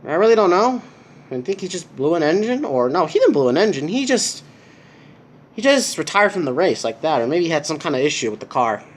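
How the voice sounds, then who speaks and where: A young American vlogger gives a casual, rambling race review from a room at home that has a TV. His voice is fairly high, with big pitch swings, and he talks a little fast, full of fillers and restarts.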